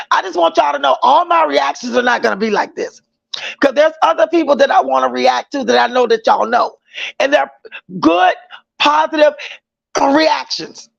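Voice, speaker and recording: Gravelly high-voiced woman streaming. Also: highs cut off. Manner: chatty, greets viewers by name, Southern-tinged slang. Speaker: livestream host. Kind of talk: casual livestream chat with viewers.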